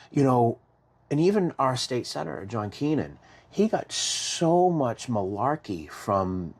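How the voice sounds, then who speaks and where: A man from Massachusetts telling his story as a podcast guest, animated and full of restarts, acting out what others said. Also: fairly low pitch, husky. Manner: animated, repeats and restarts, acts out quotes. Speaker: guest, survivor advocate.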